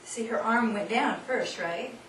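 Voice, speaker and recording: A woman with a fairly high voice runs a hands-on demonstration in front of an audience, coaxing volunteers and laughing often. She is heard from far off in a roomy, echoing hall. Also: measured pace, fairly bright tone. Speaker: seminar speaker. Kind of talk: live workshop demonstration. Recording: distant, echoey room recording with noise.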